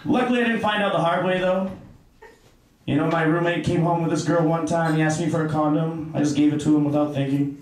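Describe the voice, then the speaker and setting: A man's voice: fairly high pitch, fairly even intonation, fairly quick, heavy reverb, far from the mic, low-quality recording. A young man performing a stand-up set on stage in a self-deprecating, offhand storytelling manner. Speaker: stand-up comedian. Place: comedy club stage.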